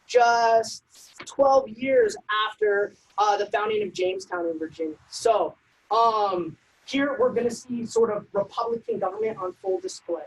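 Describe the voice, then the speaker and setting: A woman presenting a civics workshop, lecturing in a brisk, conversational way with frequent ums and uhs. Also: a little high, big pitch swings, low-quality recording. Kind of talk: informal lecture.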